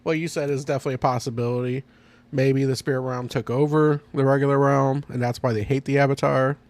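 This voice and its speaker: A man's voice: mid-range voice, fairly even intonation, fast talker, a little mellow. A man hosting a casual podcast, talking with enthusiasm, rambling and laughing often. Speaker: podcast host. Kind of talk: casual chat.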